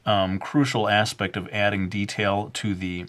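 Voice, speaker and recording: A man's voice: fairly low pitch, little pitch movement, unhurried, a bit bright. A man narrating a drawing tutorial in a loose, rambling way, full of fillers and little self-deprecating jokes. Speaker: drawing instructor.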